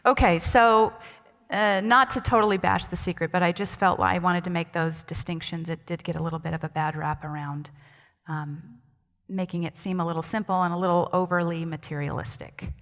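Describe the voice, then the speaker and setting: A woman's voice: on the low side, fairly even intonation, a little fast. A woman associate minister giving a conversational sermon, chatty and asking the congregation questions. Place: church sanctuary. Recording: long hall reverb in a sanctuary.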